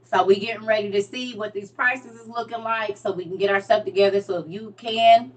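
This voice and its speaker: A chatty, playful woman talks straight to her viewers, laughing easily and letting some lines fade to a murmur. Her pitch sits in an ordinary middle range. She is picked up from a little way off the microphone. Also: steady tone, a little fast, distant mic. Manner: chatty, playful, laughs often, trails off quietly. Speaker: vlogger. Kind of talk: casual chat to viewers.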